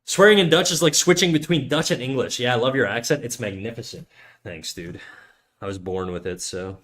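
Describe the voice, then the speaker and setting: A man's voice: mid-range voice, brisk, a bit bright. A man from Canada, streaming while he draws and chatting casually in crude, joking banter full of swearing. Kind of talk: casual live-stream chat while drawing.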